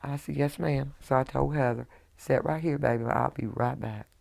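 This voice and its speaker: A middle-aged woman, a widow giving emotional personal testimony in a halting way, full of quoted dialogue. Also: very deep voice, gravelly, a little mellow. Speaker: widow telling her story.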